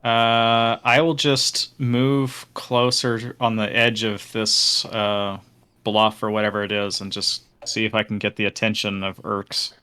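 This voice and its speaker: A man taking part in a tabletop game, talking through his plans with hesitant restarts. His voice is low-pitched yet bright and crisply clear. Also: level tone, measured pace. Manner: hesitant, thinking aloud. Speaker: player.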